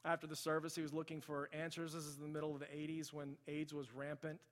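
A man's voice: fairly high pitch, monotone, fast talker, in a large hall. A man preaching a sermon in a church, telling a story and building to impassioned emphasis. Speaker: pastor. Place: church sanctuary.

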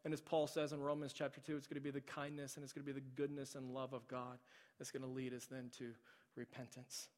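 A pastor preaching a sermon, swinging from loud, urgent delivery to hushed near-whispers. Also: male voice, mid-range voice, monotone, fast talker. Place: church sanctuary. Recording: long hall reverb.

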